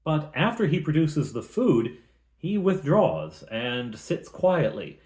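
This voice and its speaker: A man's voice: on the high side, very animated, slow, darkish tone, roomy sound. A man, a game master, recapping a tabletop campaign in a chatty, casual storytelling way with conversational asides.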